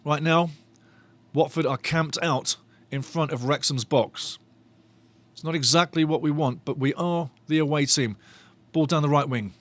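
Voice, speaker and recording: A man giving excited live match commentary as a fan on a watch-along stream, animated, repeating his phrases and laughing often. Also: on the high side, a little slow, pauses often.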